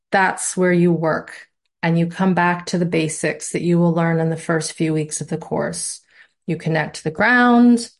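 A woman's voice: lowish voice, a little mellow. A woman instructor talking to her students in a live online class, with a playful, reassuring manner. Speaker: course instructor.

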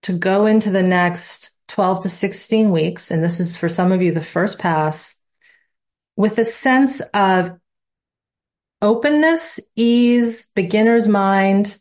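A woman's voice: medium pitch, slow, a little mellow. A woman instructor talking to her students in a live online class, with a playful, reassuring manner. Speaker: course instructor.

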